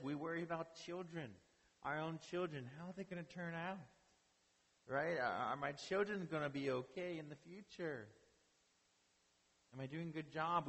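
A man's voice: medium pitch, fairly bright tone, husky, long reverb tail, low-quality recording. A man preaching a sermon as the church's pastor, often repeating words and checking in with "right?".

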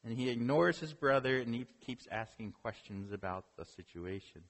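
Husky preacher in an echoing hall. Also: male voice, mid-range voice, normal speed. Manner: animated storytelling with rhetorical questions. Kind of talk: sermon. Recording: long hall reverb.

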